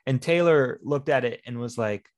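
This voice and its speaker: A man's voice: mid-range voice, moderate pace. A man with a mid-range voice, chatting about a movie in an easy, wandering way. He drifts into personal stories and swears casually as he goes. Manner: rambling, swears, tells anecdotes. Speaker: podcast co-host.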